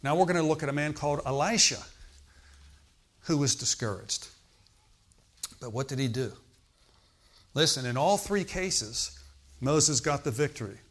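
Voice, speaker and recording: A man's voice: on the high side, animated, a little slow, long pauses. A man preaching a sermon in a conversational way. He asks the congregation questions and adds emphatic exclamations.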